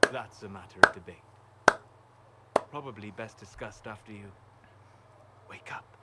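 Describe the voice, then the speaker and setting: Man voicing a calm scholarly elf mage for a game, lowish and measured, loud ambience under him. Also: noisy background, close to an everyday voice. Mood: teasing. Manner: measured, softly spoken storytelling.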